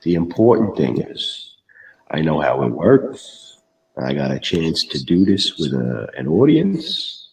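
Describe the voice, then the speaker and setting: Gravelly, hesitant male host. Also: a bass voice, sing-song, slow pace, darkish tone, slight background noise, low-quality recording. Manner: self-deprecating, hesitant with many fillers. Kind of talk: mock interview livestream.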